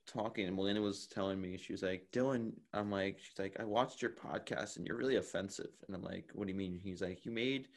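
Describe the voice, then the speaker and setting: Young man telling animated stories. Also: lowish voice, brisk, hardly any pauses. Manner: animated storyteller, acts out quotes with laughter. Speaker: podcast host. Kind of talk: casual chat.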